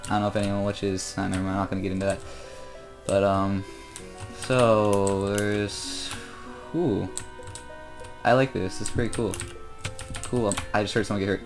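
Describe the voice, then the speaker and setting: A sixteen-year-old boy chatting casually through his own gameplay, joking about himself and growing loud and excited when he fights. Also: lowish voice, normal speed, pauses often, music in the background. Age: teens. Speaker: gamer commentating his own play.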